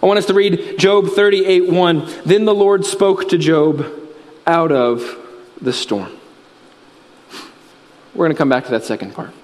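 A man preaching a sermon as a pastor, earnest and repetitive, with emphatic pauses. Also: on the high side, darkish tone. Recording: reverberant hall.

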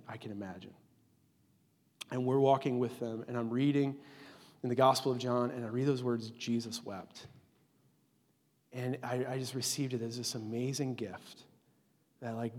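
A man in his forties preaching a conversational sermon as a pastor, earnest and informal, dropping to a hush at tender moments. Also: medium pitch. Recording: long hall reverb.

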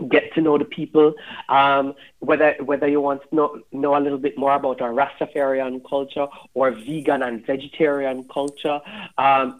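A man's voice: mid-range voice, phone-quality sound. A man from Jamaica, a tourism guest on a radio show, speaking in an upbeat, inviting way. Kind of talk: promotional radio interview.

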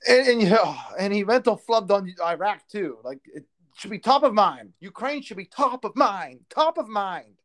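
A man co-hosting a political podcast in casual chat, animated and stumbling over restarts when he gets worked up. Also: high voice, normal speed. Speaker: podcast co-host.

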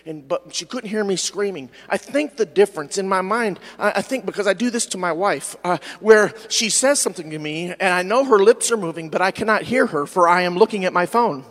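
Middle-aged guy preaching, drags words out slow to hit the point, church echo. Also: sits high. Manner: fervent preaching, stretching words slowly for emphasis. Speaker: pastor. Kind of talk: sermon. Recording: long church reverb.

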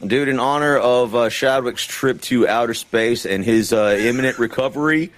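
A man's voice: medium pitch, normal speed, no room sound. A man from the Southeastern US co-hosting a podcast, speaking earnestly and opinionated in casual chat. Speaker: podcast co-host.

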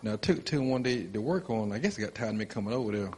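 A man's voice: lowish voice, animated, rapid-fire, darkish tone, husky. A man sharing a personal story in church, rambling with many fillers. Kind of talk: casual testimony.

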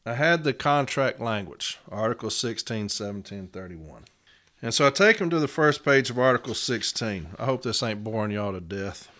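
A man's voice: medium pitch, fairly bright tone. A middle-aged man, a union advocate who tells fellow advocates how he argued a case and drags out key words for stress. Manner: emphatic, slows down to stress contract words. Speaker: union advocate teaching arbitration. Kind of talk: storytelling lesson to fellow advocates.

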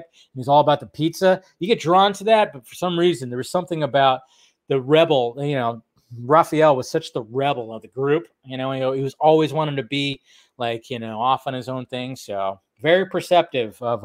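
Chatty man hosting a livestream. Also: on the high side. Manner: reads out and answers live chat questions; loose, rambling, swears freely. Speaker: film news channel host. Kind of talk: casual livestream chat.

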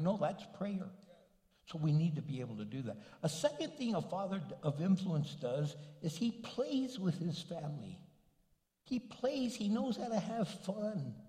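An older man preaches a sermon in a casual, joking way, with a fairly high voice. His voice rings around a large church hall with a long, echoing reverb. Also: dark tone. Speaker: pastor.

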